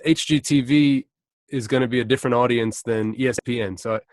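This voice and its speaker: A man's voice: mid-range voice, steady tone, a little fast, a little mellow, no room sound, studio quality. A man hosting an interview podcast, asking questions and agreeing attentively. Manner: attentive, agreeable, short backchannels. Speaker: podcast host. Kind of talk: casual interview.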